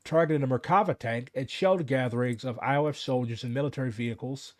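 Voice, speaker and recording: A man's voice: quick pace, no echo, studio quality. Exasperated profane American man ranting. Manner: profane, exasperated, voice jumping high when worked up. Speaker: political commentator. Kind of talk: casual rant to camera.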